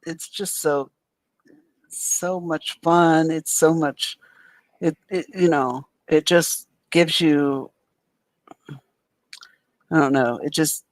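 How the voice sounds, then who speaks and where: A woman's voice: sits low, fairly even intonation, slow pace, pauses often, dry recording, low-quality recording. Enthusiastic older woman, dry sound. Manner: enthusiastic, repeats herself. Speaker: paranormal investigator co-host. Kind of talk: casual chat.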